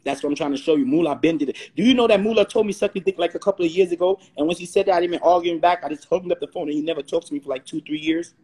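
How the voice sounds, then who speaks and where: Fast-talking husky New man ranting. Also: on the high side, mellow. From Brooklyn, New York. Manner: combative, repeats rhetorical questions. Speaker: host. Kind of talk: heated live-stream rant. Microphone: phone or webcam on a live stream.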